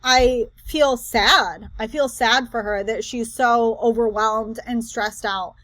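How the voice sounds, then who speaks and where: A woman hosting a casual reaction commentary, chatty and rambling with animated asides. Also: fairly high pitch, takes it slowly, no echo. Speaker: reseller commentary host.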